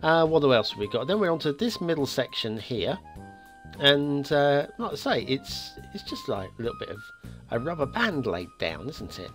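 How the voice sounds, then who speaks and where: Male host, animated game-review patter, filler-heavy, faint music bed. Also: mid-range voice. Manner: chatty, lively, with many filler pauses. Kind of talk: casual video game commentary. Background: faint background music.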